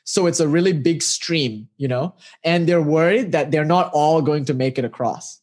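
Animated spiritual teacher telling parables. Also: mid-range voice, normal speed. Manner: animated, rhetorical questions, casual fillers. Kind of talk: storytelling talk with parables.

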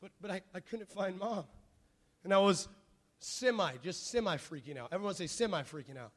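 A high-voiced man preaches to a congregation and tells stories with lots of playful energy. He keeps asking the crowd to repeat words and wave back. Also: fairly quick. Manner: animated, playful, call-and-response with the congregation. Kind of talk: sermon with storytelling.

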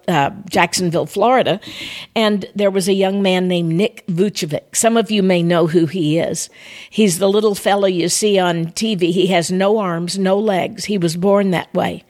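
A woman's voice: mid-range voice, steady tone, moderate pace, darkish tone. An older woman gives an earnest devotional talk. She speaks straight to her listeners in a conversational way, as if sharing her own story. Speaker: ministry podcast host.

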